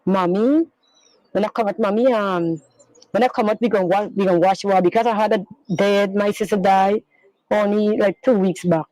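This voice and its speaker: A middle-aged woman, a grieving mother, telling her story in an interview in a halting, rambling way, repeating herself and using non-standard grammar. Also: mid-range voice, fairly even intonation, mellow, no room sound, low-quality recording. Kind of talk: emotional personal recounting in an interview.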